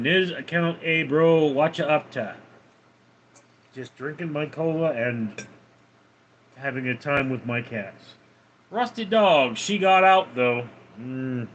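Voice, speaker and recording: A man's voice: medium pitch, a bit bright, highs cut off, a little hiss or hum. A man casually chatting on a live stream, reading out viewer names and comments in a laid-back, chuckling way. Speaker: livestreamer reading chat.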